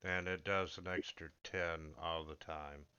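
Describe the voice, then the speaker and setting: A man's voice: sits low, steady tone, a little slow, sharp tone, smooth, lo-fi sound. A man running an online tabletop game, helpfully explaining where to click.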